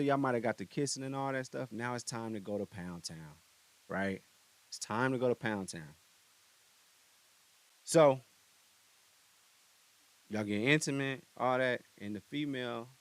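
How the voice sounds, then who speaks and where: A man's voice: mid-range voice, unhurried, long pauses. A young man hosting a podcast in a studio, telling a story in a laid-back, rambling, slangy way with lots of asides. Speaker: podcast host. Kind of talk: casual commentary.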